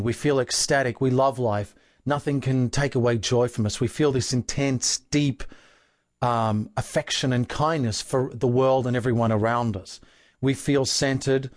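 An Australian man of middle pitch talks through feelings like a self-help coach. His delivery is earnest and explanatory, and he keeps stopping to ask rhetorical questions. The sound is dry and close, with no room echo. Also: a little mellow.

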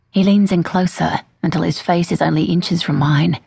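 A woman reading a first-person thriller audiobook in a measured, cool manner. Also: fairly low pitch, fairly even intonation, gravelly, a little mellow, slightly rough, dry recording. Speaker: audiobook narrator. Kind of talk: scripted first-person narration.

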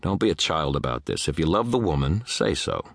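A man's voice: a bass voice, brisk, gravelly, dry recording, clean studio sound, full character voice. A man voicing an earnest, lecturing knight. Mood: pressing. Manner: calm, insistent, moralizing. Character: earnest, steady male knight, gently lecturing.

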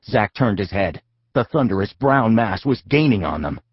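A man reads a comic children's audiobook with a slightly husky voice. His pitch is animated and playful as he tells the story. The recording is dry and a bit dull. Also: normal speed, no room sound. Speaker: audiobook narrator. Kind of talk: comic kids' audiobook narration.

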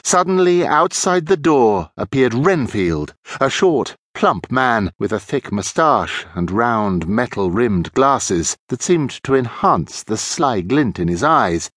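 A man narrating a children's audiobook with expressive storytelling. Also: medium pitch, slow pace, few pauses, no echo, studio quality.

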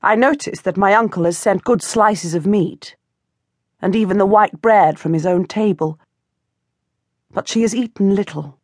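A woman narrating a historical novel in first person, measured and expressive, close to the mic. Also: mid-range voice, no echo. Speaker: audiobook narrator. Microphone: close studio mic.

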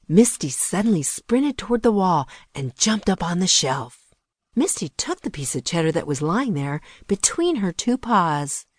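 A woman narrating a children's audiobook with lively storytelling and hushed whispers at tense moments. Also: medium pitch, dry recording, clean studio sound.

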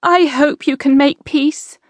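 Woman reading a soft-spoken noblewoman, higher voice. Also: normal speed, no room sound, close to an everyday voice. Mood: anxious. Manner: warm, soft-spoken, anxious to please. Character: gentle, fond noblewoman, sister-in-law.

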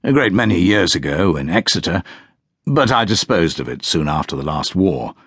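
A quiet old gentleman solicitor who pronounces on things with calm, dogmatic certainty, as a male audiobook reader puts him on. His voice sits very low, with a lively rise and fall. The sound is dry and close. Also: normal speed, slightly rough, dry recording, exaggerated voice. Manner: quiet, assured, relishing.

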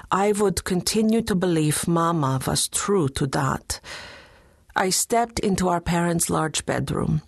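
Gravelly, husky woman narrating an audiobook. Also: on the low side, dry recording, studio quality. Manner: measured, gentle, soft-spoken. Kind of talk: scripted first-person audiobook narration.

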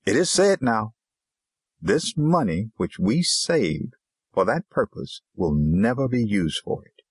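A man's voice: lowish voice, sing-song, slow, breathy edge, no room sound, clean studio sound, voice pushed up, heavily acted. A man voicing a troubled older Zulu village pastor in an audiobook, grave and at times harsh. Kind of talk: audiobook character reading.

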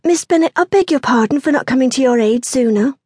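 A woman reading an audiobook, voicing an eager, flustered young lady's maid with a high, breathless voice. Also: lively intonation, fast talker, darkish tone, husky, dry recording, studio quality. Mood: eager, anxious.

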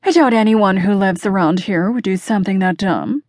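A woman's voice: mid-range voice, normal speed, darkish tone, dry recording, studio quality, natural voice. A woman voicing a teasing, nosy male friend. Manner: teasing, chatty. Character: playful, nosy young adult man, a close friend. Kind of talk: audiobook character dialogue.

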